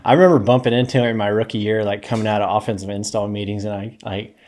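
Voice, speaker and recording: Male podcast guest, California-raised ex-athlete, relaxed storyteller who laughs a lot. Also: on the low side, quick pace. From California, USA. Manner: laughs often while telling stories, loose and easygoing. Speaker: podcast guest, former pro football player. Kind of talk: casual interview storytelling.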